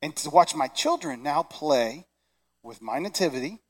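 A middle-aged man preaching a Christmas sermon, animated and shouting excited lines. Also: a little high, normal speed, slightly rough. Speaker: pastor. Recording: long reverb of a large hall.

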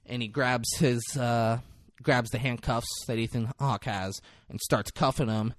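A man on a podcast excitedly retelling a movie scene, swearing freely and acting out the characters' lines. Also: medium pitch, a little slow, dry recording, clean studio sound. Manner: animated storyteller, swears freely, acts out quotes. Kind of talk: casual movie recap chat.

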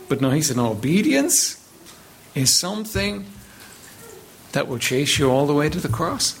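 A man's voice: fairly high pitch, very animated, moderate pace, pauses often, slight background noise. A man preaching a sermon as pastor, reading scripture aloud and emphatically repeating words as he builds his points.

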